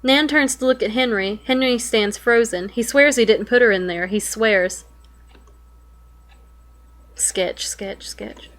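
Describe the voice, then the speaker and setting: Young woman, slightly high voice, reads a web story aloud and reacts with casual swearing and sudden alarm. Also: slow, long pauses, a bit bright. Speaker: web fiction reader reacting.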